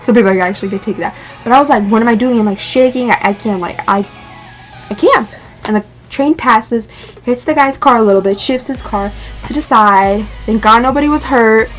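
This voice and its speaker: A young woman vlogger casually telling a dramatic story, animated and filled with "like" and swearing. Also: brisk, faint music behind. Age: young adult. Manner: animated, lots of "like", swears, rises in pitch when excited.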